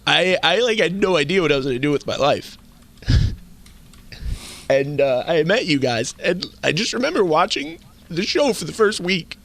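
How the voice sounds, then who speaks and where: A man's voice: a little high, fairly bright tone. A young man on a radio show, a former intern, telling rambling stories with many restarts and laughs. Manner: rambling, halting, laughs often. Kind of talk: casual radio chat, storytelling.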